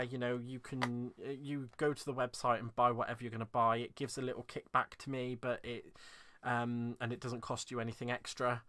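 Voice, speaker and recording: A man hosting a live craft stream, close to tears and speaking with rambling, heartfelt warmth. His pitch sits in an ordinary middle range. The recording is dry and close, with no room sound. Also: no room sound. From England. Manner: rambling and heartfelt, laughing through restarts. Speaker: craft channel host. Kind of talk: live-stream sign-off chat.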